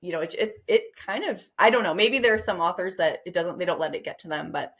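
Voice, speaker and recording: A woman's voice: on the low side, quick pace, fairly bright tone. A woman guest author in casual interview chat, rambling a bit and laughing often.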